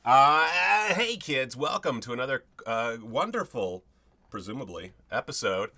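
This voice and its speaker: A man's voice: mid-range voice, big pitch swings, unhurried, pushed and bright. Rambling, swearing male video host. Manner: rambling, swears freely, self-mocking. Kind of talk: casual home video chat.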